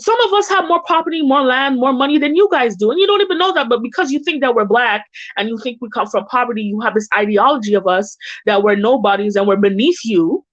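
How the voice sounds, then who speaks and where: A woman's voice: on the high side, no room sound. A woman from the Caribbean, a guest on a chat show, venting in a heated, indignant, emphatic way. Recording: dull lo-fi audio.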